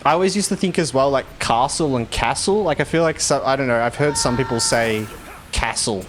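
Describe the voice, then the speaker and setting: A man's voice: medium pitch, animated, quick pace, noisy background. A man with an Australian accent from Victoria, chatting casually with viewers while streaming a game. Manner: rambling, chatty, laughs easily.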